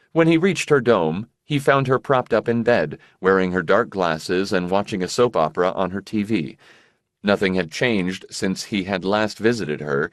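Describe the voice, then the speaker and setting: A man narrating an audiobook in a measured, expressive reading voice. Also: low voice, no room sound, clean studio sound. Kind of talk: scripted narration.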